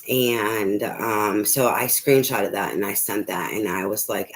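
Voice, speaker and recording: A woman's voice: a bass voice, steady tone, a little slow, poor audio. A middle-aged woman, a tarot reader, venting about family trouble in a blunt, emphatic way, swearing often and restarting her sentences. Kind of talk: emotional personal venting monologue.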